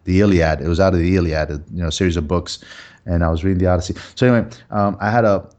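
A man, a guest entrepreneur, telling personal stories in a lively, conversational way with many restarts. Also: low-pitched, very fast. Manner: animated storyteller with frequent restarts. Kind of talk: conversational storytelling.

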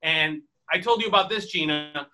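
A man's voice: fairly high pitch, moderate pace, bright, forceful tone. A man, a guest comedian, chatting casually on a podcast with many fillers and restarts.

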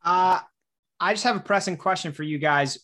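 A man's voice: high-pitched, normal speed, sharp tone. A man from Wisconsin co-hosting a casual podcast, curious and a little rambling as he talks. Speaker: podcast co-host. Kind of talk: casual chat.

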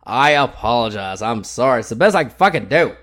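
A man's voice: mid-range voice, sing-song, quick pace, fairly bright tone. A man hosting a podcast in a casual, blunt style with plenty of swearing. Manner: profane, blunt, ranting. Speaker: podcast host.

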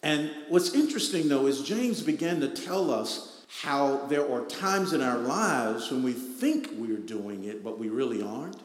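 A pastor preaching a sermon, repeating lines and swelling into loud emphatic bursts before dropping back to a low, quiet tone. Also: male voice, expressive, a little slow. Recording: echoey hall with long reverb.

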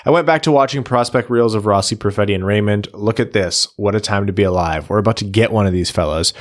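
A man hosting a casual sports podcast, joking around and reading listener messages. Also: on the low side. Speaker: podcast host.

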